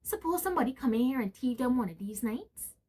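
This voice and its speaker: A woman voicing a peeved, nagging village wife in a storybook reading, sharp and scolding. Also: fairly high pitch, lively intonation, fast, husky, pitched above the performer's own voice.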